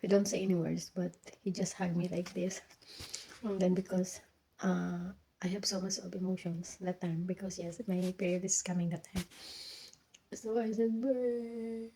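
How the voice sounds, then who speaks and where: Filipina woman telling a story, mellow voice. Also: on the low side, steady tone, creaky, a little hiss or hum, rough recording. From Philippines. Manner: halting, many restarts and fillers, drifts into whispers. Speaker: vlogger. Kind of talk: casual storytelling vlog.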